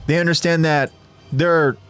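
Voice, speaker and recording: A man's voice: on the high side, steady tone, a little slow, fairly bright tone, clean tone, faint music behind. Rambling man recapping an anime. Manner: rambling, many fillers like "kind of" and "right?". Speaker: podcast co-host. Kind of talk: casual anime recap chat.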